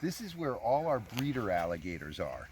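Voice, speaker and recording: Lively-pitched man explaining gators. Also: normal speed, husky. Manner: laid-back, explains with easy authority. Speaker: alligator park handler. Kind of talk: casual explanatory chat. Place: outdoors at an alligator park.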